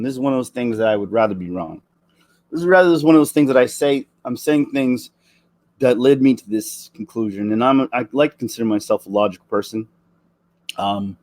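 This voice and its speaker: A man's voice: medium pitch, a little mellow, dry recording. Guy, 40s, impassioned vlog rant, stop-start delivery, dry close recording. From Canada. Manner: earnest, emotional, halting with many restarts. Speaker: vlogger.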